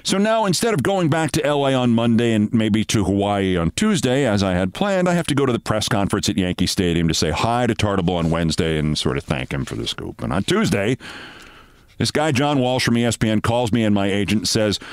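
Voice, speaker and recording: A man in his sixties, hosting and telling a brisk anecdote, acting out the dialogue of the people in it. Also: on the low side, animated, smooth, no echo. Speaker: host. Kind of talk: anecdotal storytelling monologue.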